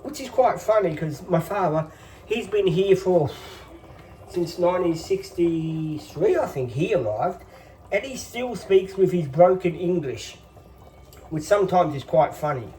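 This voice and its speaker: A man in his fifties talks casually to his viewers in a mellow, fairly high voice, wandering through his thoughts with plenty of ums. He sits a little back from the phone recording him. A faint room hum runs underneath. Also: recorded from a distance. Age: 50s. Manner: rambling, filler-heavy, reassuring. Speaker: channel host. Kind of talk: casual phone vlog monologue.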